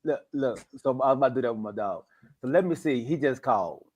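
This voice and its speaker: A man's voice: mid-range voice, expressive, quick pace, dull audio, a loud crowd. Laid-back man in casual podcast chat. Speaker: podcast co-host.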